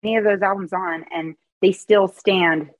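A woman being interviewed as a guest, speaking in a soft, hesitant way with many fillers. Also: mid-range voice, steady tone, normal speed, dry recording, phone-quality sound. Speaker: guest, music writer and show producer. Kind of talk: casual interview chat.

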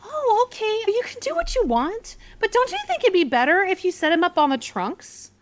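A woman voicing a squeaky, passive-aggressive wedding guest who nags in a falsely sweet, apologetic way. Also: big pitch swings, normal speed. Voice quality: high squeaky voice.

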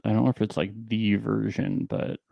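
A man co-hosting a casual podcast chat over a remote call, animated and saying "like" often. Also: lowish voice, normal speed, gravelly, no echo, dull audio. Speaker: podcast co-host.

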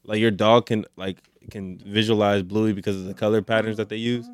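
A man's voice: lowish voice, little pitch movement, fairly quick, smooth, no room sound. A man co-hosting a podcast, in casual chat and loose, joking, slangy banter. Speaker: podcast co-host.

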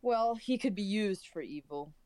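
A woman's voice: mid-range voice, lively intonation, normal speed, darkish tone, rough recording. A woman playing a tabletop game, chatting casually in and out of character with a hesitant, restarting manner. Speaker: player. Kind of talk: casual tabletop role-play.

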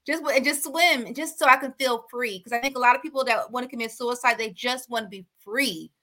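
A woman's voice: on the high side, fairly quick, bright, forceful tone. A woman coach on a panel, telling her own story in an earnest, personal way. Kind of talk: panel chat.

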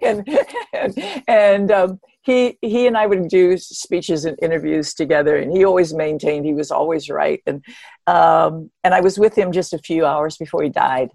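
A woman in her seventies, an interview guest and former marathon runner, telling stories in an animated, expressive way with wry humor. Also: low voice, moderate pace, gravelly, dry recording. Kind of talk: conversational storytelling.

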